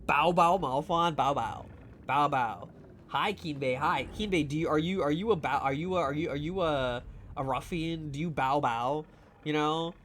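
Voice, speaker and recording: Guy streaming a game, kinda high voice, rambles and swears a lot, teases chat. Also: normal speed, a little hiss or hum. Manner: rambling, filler-heavy, profane, teasing. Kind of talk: casual live gameplay chat.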